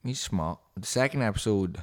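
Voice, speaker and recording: Low voiced guy, sweary laid back podcast banter. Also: lively intonation, moderate pace, a little mellow. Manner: swears freely, banters and laughs. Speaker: podcast co-host. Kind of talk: casual chat.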